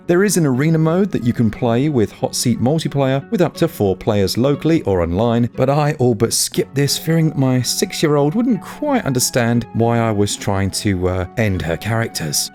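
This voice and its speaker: A man's voice: medium pitch, darkish tone. A man in his thirties narrating a scripted game review with enthusiasm and wry asides.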